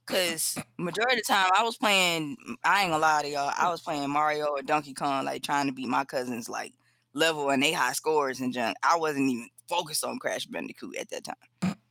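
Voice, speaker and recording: Laid-back woman co-host, lowish voice. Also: a little fast, no echo, studio quality. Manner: relaxed, laughs often, chatty and slangy. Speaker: podcast co-host. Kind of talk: casual chat.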